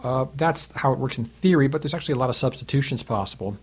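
A man's voice: mid-range voice, quick pace, slightly rough. A man in his fifties teaching a recorded lesson on Latin poetry, patient and explanatory, tapping out the rhythms aloud.

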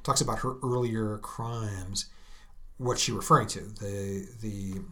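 A man hosting a podcast, discussing a text and reciting verse slowly, stressing the meter. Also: fairly low pitch, fairly even intonation, pushed and bright. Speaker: podcast host.

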